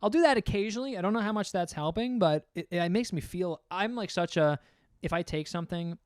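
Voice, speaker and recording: A man's voice: high voice, animated, fairly quick, no room sound, studio quality. A man co-hosting a podcast, rambling through crude, joking casual chat. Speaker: podcast co-host.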